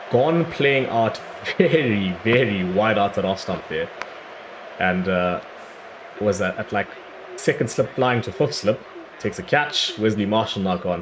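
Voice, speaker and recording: A man with a hoarse, worn-out voice giving chatty play-by-play commentary on his own cricket video game, breaking into excited cries at big moments. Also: lowish voice, noisy background. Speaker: gaming YouTuber. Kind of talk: casual play-by-play gameplay commentary.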